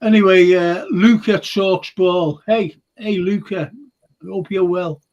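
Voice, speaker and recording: A man's voice: sits high, steady tone, unhurried, a little mellow, lo-fi sound. A man hosting a casual live fan show, reading viewer comments aloud in a jokey way. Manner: jokey, reads comments aloud, slips into playful impressions.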